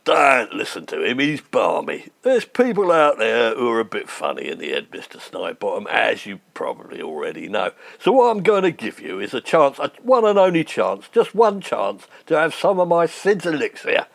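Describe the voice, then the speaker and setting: A man voicing a roguish, gravelly chancer with a sly salesman's patter. The voice sits low and rough, with lively swings in pitch, in a comic audio sketch. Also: normal speed, few pauses, exaggerated voice. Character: cackling roguish middle-aged con man, gravelly.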